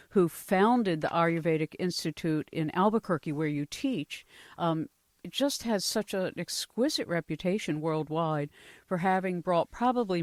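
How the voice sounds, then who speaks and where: A woman's voice: fairly low pitch, no room sound, studio quality. A woman hosting a radio interview and talking with her guest, laughing easily. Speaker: radio host.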